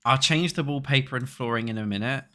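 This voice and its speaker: A man's voice: mid-range voice, quick pace, pushed and bright. A young British man streaming a building game, chatting casually with viewers and swearing freely. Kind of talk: casual chat while playing a building game.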